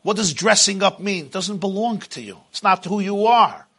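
A man teaching a religious class in an impassioned, dramatic way, swinging from loud to hushed. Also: high voice, normal speed, husky.

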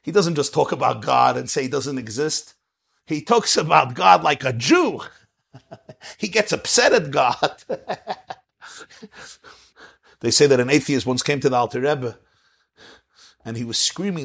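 A man teaching a Torah lecture as a rabbi, animated, swinging between soft asides and emphatic declarations. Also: medium pitch, a little slow, vocal fry, long pauses, husky.

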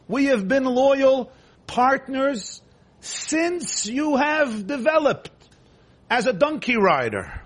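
A loyal old donkey pleads with the master it has carried for decades, asking what it ever did wrong, as a man teaching a class puts it on. The voice is high and husky, and the pace is slow. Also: fairly bright tone, full character voice. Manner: plaintive, questioning.

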